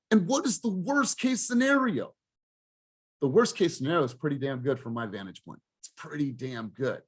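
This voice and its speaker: A man with a fairly high, husky voice leads a motivational group coaching session over a call. His delivery is fired up and emphatic, with a lively, swinging pitch and the odd swear word thrown in for punch.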